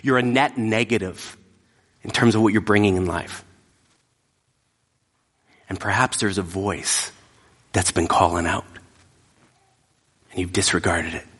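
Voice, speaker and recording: Low-voiced pastor in a reverberant hall. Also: male voice, fairly even intonation, unhurried, pauses often, husky. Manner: emphatic, drops to hushed whispers. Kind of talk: sermon.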